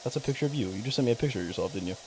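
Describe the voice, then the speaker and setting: Excitable young man streaming, lively pitch. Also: very fast, background noise. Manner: rambling, profane, excitable. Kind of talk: casual livestream chat.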